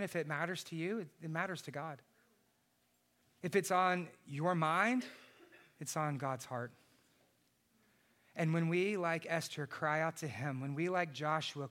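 A man in his thirties delivers a sermon with a high, bright voice. He preaches with real passion, climbing to shouted peaks, then drops to soft, tender lines. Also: moderate pace. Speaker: pastor.

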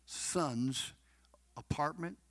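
A middle-aged man giving a heartfelt personal testimony as a guest, speaking fervently, repeating phrases for emphasis and drawing listeners in directly, his voice dropping to soft murmurs and then rising to loud proclamations. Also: a little high, extremely slow, no echo. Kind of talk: emotional storytelling testimony.

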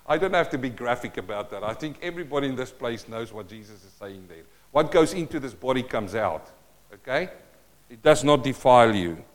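A man preaching a sermon, reading scripture aloud with loud emphatic bursts and dropping to quiet asides, often thinking aloud and restarting. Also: medium pitch, big pitch swings, a little fast. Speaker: pastor.

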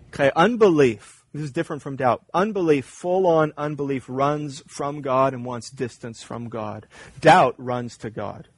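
A man's voice: on the high side, moderate pace, husky. A man preaching a sermon as pastor, earnest and emphatic, repeating his key points.

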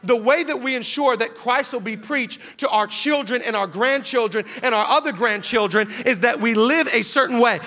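A pastor in his thirties delivers a sermon with a high, bright voice that carries. He tells stories in an animated way, building excitement as he goes. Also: moderate pace, few pauses. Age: 30s. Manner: animated storytelling with rising excitement. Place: large church hall.

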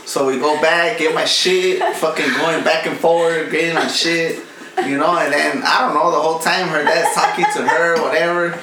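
A man's voice: a little high, steady tone, moderate pace. A man telling stories in a casual chat, laid-back and full of slang and swearing. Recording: echoey room with background noise.

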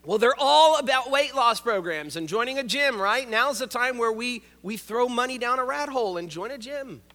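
A man's voice: very high voice, lively intonation, normal speed, pushed and bright. A male pastor preaching a sermon, conversational and joking, who drives points home by repeating key words. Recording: long reverb of a large hall.

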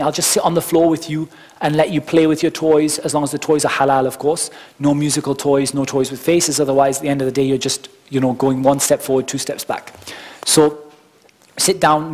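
A man giving an informal workshop lecture, explaining step by step with frequent asides. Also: on the high side. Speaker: workshop instructor. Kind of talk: conversational teaching lecture.

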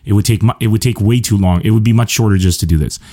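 Talking very fast in a warm, lowish voice, a man hosts his comedy podcast and speaks straight to listeners. He rambles, chats casually, and makes fun of himself throughout the monologue.

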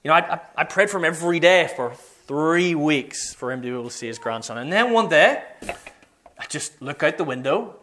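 A man's voice: on the high side, fairly quick. A man preaching a sermon as he tells stories, acting out the voices of the people in them. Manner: animated, acts out quoted voices. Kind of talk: sermon storytelling.

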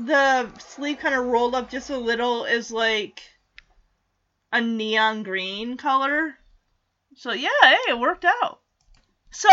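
A woman's voice: high voice, pushed and bright, muffled recording. A woman in casual recap chat, chatty and giggly, acting out character lines as she goes. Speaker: TV show recapper.

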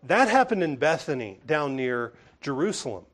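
A man's voice: fairly high pitch, big pitch swings, normal speed, a bit bright. A male pastor delivering a sermon, retelling a story with animation and occasional small restarts.

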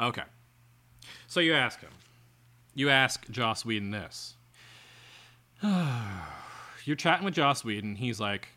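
A man's voice: medium pitch, sing-song, slow, long pauses, sharp tone. A man co-hosting a podcast, reading an article aloud and breaking off into sarcastic, exasperated asides. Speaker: podcast co-host.

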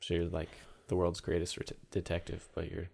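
A man co-hosting a podcast in casual chat, teasing his friends and laughing loudly. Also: low voice, monotone, fairly quick, vocal fry, slightly rough. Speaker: podcast co-host.

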